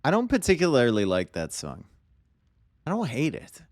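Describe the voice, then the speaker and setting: A man's voice: mid-range voice, wildly swooping pitch, normal speed, no echo, clean studio sound. A man casting a strategy game match live on stream in a casual, joking way, cheering players on. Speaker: esports caster.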